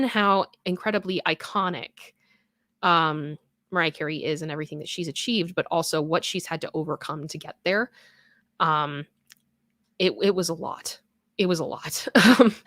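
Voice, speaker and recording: A young woman hosts a casual live stream, chatting and answering viewer comments in a loose, rambling way full of fillers. Her voice sits a bit low but sounds bright and forward. The close mic gives a dry sound with no room in it. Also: dry recording.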